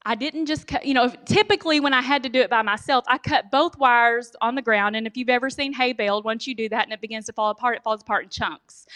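A woman giving a storytelling sermon, animated and humorous, speaking directly to her audience. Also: sits high. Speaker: speaker giving a church talk.

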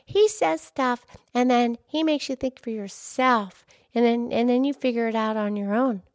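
A woman voicing an excitable, chatty young female character named Pinky, in a two-voice character chat. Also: moderate pace, dry recording, close to an everyday voice. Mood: eager. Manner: eager, gushing, much higher than her own voice.

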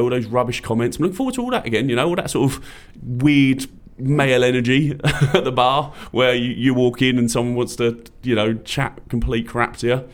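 A man's voice: mid-range voice, a little fast, hardly any pauses. A British man in his thirties co-hosting a podcast, rambling and joking in casual chat. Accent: British English. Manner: rambling, jokey, puts on drunk-bloke voices. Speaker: podcast co-host.

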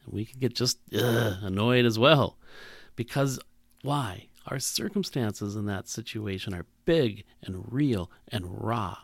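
A man's voice: on the low side, unhurried, gravelly, dry recording. A man preaching a sermon in a reflective way, asking rhetorical questions and restarting his sentences often.

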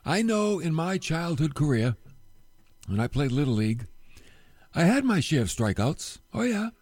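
Male preacher, sermon, animated storytelling, rhetorical questions, lively pitch, fairly high voice. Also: moderate pace, dry recording. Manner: drops low and soft for solemn moments. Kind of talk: sermon podcast.

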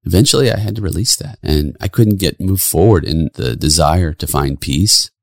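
A man's voice: low-pitched, lively intonation, moderate pace, vocal fry, dry recording, studio quality. A middle-aged man hosting a solo podcast, speaking with earnest, preacherly emphasis. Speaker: podcast host.

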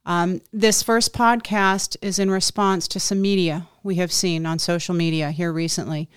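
Smooth, low-voiced woman co-host. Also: fairly even intonation, moderate pace, no echo, clean studio sound. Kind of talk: casual podcast talk. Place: Boston area.

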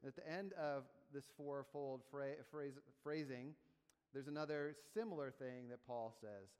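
A man's voice: medium pitch, a little slow, darkish tone, clean tone. Man preaching in an echoing church. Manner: emphatic rhythmic preaching with teaching asides. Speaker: pastor. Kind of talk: sermon. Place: church sanctuary. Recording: long reverb of a church hall.

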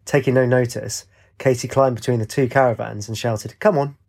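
A man reading a fantasy story aloud in a steady, descriptive storybook narration. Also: mid-range voice, normal speed, gravelly.

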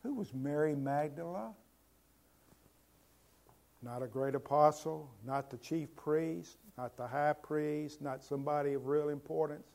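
In a mellow, somewhat high voice with vocal fry, a male pastor preaches at a measured pace. He repeatedly puts rhetorical questions to his congregation, alternating loud, emphatic lines with quiet, low ones.

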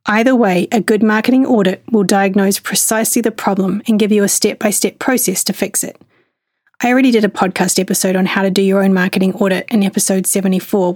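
A woman hosting a business podcast, telling a scripted story in a polished, even manner. Her voice sits at a middle pitch. It is recorded close and dry, with no echo. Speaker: podcast host.

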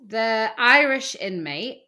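Bright-voiced woman chatting. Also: fairly high pitch, animated, takes it slowly. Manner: chatty, self-deprecating, opinionated. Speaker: podcast co-host. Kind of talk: casual chat.

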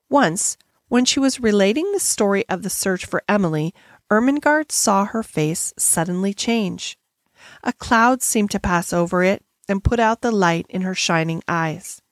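Woman, audiobook narrator, measured, expressive, dry recording. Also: mid-range voice, no echo. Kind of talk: reading a classic novel aloud.

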